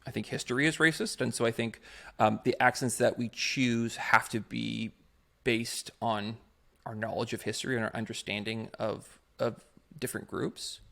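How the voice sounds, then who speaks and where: A man co-hosts a casual podcast with a gravelly, fried edge to his voice. He sits at a middling pitch and reasons things out aloud with emphasis, often restarting as he goes. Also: fairly even intonation, normal speed, a bit bright. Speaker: podcast co-host, improv performer.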